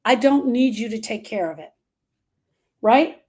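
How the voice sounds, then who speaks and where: A woman's voice: a little high, animated, a little slow, a little mellow. A woman grief specialist talking live to her viewers, giving emphatic, repetitive, direct advice.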